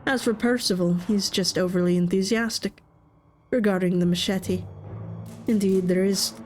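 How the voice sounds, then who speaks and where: A mob boss, calm and mocking, who draws out every word with silky menace, as a woman reads him. He is polite on the surface and threatening underneath, and faint music plays in the background of the game. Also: mid-range voice, normal speed, lightly acted. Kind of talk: game voice acting.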